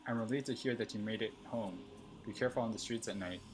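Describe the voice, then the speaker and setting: A man voicing a clingy, obsessive schoolgirl stalker as he reads her text messages aloud in a plain, even voice. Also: lowish voice, fast talker, slight background noise, close to an everyday voice.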